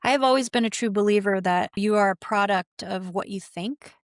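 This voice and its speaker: A woman's voice: medium pitch, fairly quick, no echo. Earnest middle-aged woman, dry sound. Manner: earnest, heartfelt. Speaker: pageant titleholder guest. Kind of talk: interview storytelling.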